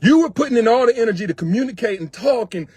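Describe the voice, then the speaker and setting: A man's voice: very high-pitched, lively intonation, fast, darkish tone, husky, no echo. A man working as a relationship coach, giving emphatic, repetitive, colloquial advice straight to his viewers. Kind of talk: direct advice monologue to viewers.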